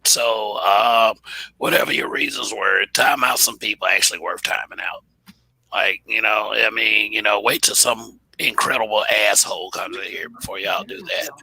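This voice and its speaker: Man, livestream host, husky, raspy tone, casual and rambling. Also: on the low side, normal speed, sharp tone, low-quality recording. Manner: loose, rambling, many fillers and restarts. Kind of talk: casual live-stream chat.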